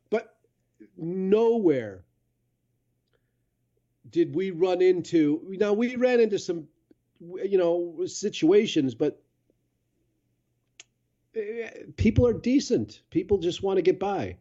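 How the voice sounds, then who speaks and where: A man from Chicago with a somewhat high but mellow voice tells candid, profane stories from his life. He drifts into reflection as he talks. The recording sounds dull and lo-fi. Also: lively intonation, slow pace, long pauses. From Chicago, USA. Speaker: podcast guest, publisher. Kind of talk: casual storytelling.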